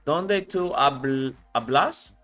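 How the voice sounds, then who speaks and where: Slow-talking man practicing aloud, swearing. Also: mid-range voice, animated, fairly bright tone, faint music behind. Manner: swears a lot, thinks aloud, repeats words to practice. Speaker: streamer reacting to a language lesson. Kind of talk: casual live-stream chat.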